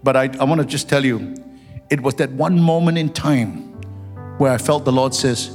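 A man's voice: mid-range voice, normal speed, darkish tone, long reverb tail, soft background music. A man preaching a sermon as a pastor, telling stories and building into fervent prayer. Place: church sanctuary.

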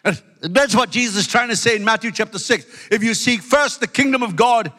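A man's voice: very high voice, fairly quick, pushed and bright, in a large hall. A middle-aged man preaching a sermon as pastor, emphatic with calls of hallelujah. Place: church sanctuary.

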